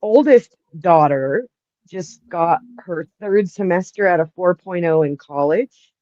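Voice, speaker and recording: A woman's voice: fairly low pitch, animated, a little slow, no echo. Female guest, forties, proud and talkative, dull dry call audio. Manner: warm, proud, chatty. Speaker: guest on the stream. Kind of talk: casual live-stream chat.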